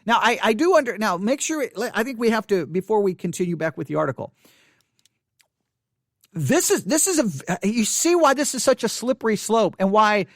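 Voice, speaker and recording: A man reading from an article and commenting on it in an earnest way, often halting and restarting his sentences. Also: high voice, sing-song, dry recording, clean studio sound. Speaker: Christian commentator.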